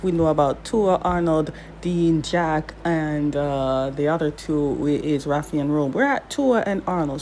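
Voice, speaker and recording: A woman's voice: lowish voice, a little mellow, a little hiss or hum, low-quality recording. A woman giving a casual, chatty drama recap, talking back to the characters as she goes.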